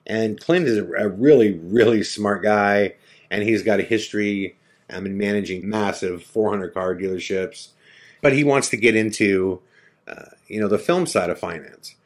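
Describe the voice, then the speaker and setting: A middle-aged man hosting a podcast, telling a story in a lively way and acting out the people he quotes. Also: lowish voice, normal speed. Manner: animated storyteller, acts out quoted dialogue. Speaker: podcast host.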